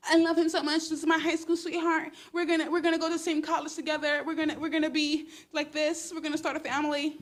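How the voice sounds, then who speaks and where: A woman's voice: high-pitched, little pitch movement, fast, hardly any pauses, voice pushed up, natural voice. A woman putting on a gushing, lovestruck young woman dreaming about her boyfriend. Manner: giddy, gushing.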